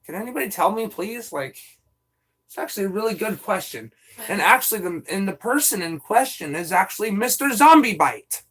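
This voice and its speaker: High-voiced young man venting on stream. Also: lively intonation, fairly quick, a bit bright, husky. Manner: profane, venting, rambling. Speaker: live streamer. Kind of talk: casual stream chat.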